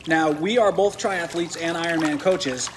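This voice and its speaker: A man's voice: on the high side, moderate pace, background noise. A man hosting a live product demo beside a swim spa, chatty, explaining as he goes with restarts. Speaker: host and triathlon coach.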